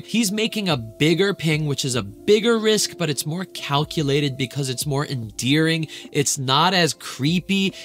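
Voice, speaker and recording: A man's voice: fairly high pitch, a bit bright. A man who works as a relationship coach giving casual, frank reaction commentary and swearing freely.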